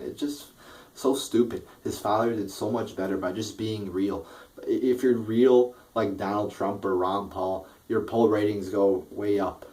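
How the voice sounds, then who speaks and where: Low-voiced man ranting angrily. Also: fairly even intonation, measured pace, warm tone, far from the mic, rough recording. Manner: heated, profane, stammering restarts. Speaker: political vlogger. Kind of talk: angry political rant.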